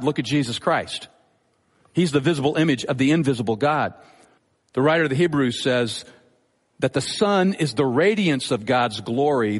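A man's voice: mid-range voice, slightly rough, in a large hall. A man preaching an expository sermon as pastor, teaching earnestly and quoting scripture. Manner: earnest teaching delivery, Bible quotations.

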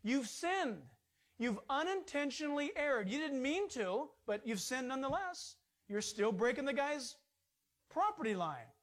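A man's voice: very high voice, sing-song, measured pace, fairly bright tone. Emphatic male pastor preaching. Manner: emphatic, conversational preaching with sudden rises. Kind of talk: sermon.

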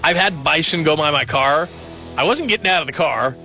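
A man hosts late-night sports radio, rambling and joking from the studio. His voice sits a touch high and sounds bright and forceful. Soft music plays underneath. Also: lively intonation, a little fast.

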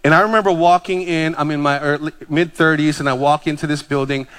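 A man in his fifties from Hawaii, a pastor preaching a sermon with animated, self-deprecating stories and jokes. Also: on the high side, a little fast, smooth. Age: 50s.

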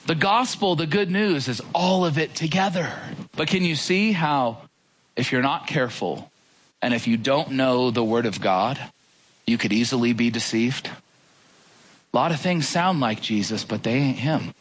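A man preaching a sermon in an animated, conversational way, full of rhetorical questions. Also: mid-range voice, moderate pace, breathy edge.

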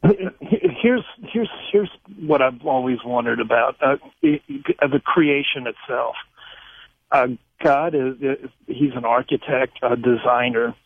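A man's voice: medium pitch, animated, slow pace, creaky, slightly rough, dry recording. A man calling a radio show who rambles and searches for his words as he asks a question. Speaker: caller. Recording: phone line.

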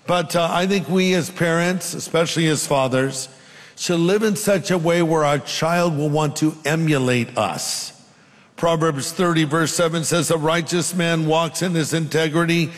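Older man, pastor, earnest sermon delivery, slightly high pitch, echoing hall. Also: measured pace. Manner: earnest, conversational preaching with asides. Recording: long hall reverb.

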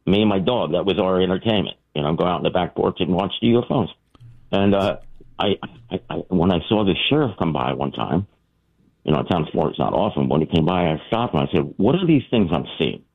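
A man calling a radio show, telling stories in an animated way, stammering and repeating words. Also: sits low, fast talker, vocal fry. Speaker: caller. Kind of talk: anecdotal storytelling on a call-in show. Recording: tinny phone line.

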